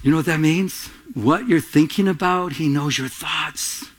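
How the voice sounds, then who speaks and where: A middle-aged man preaching a sermon as pastor, animated, jumping between loud emphatic lines and quiet asides, acting out little voices in his stories. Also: on the high side, a little slow. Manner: acts out little voices in anecdotes, laughs while telling them.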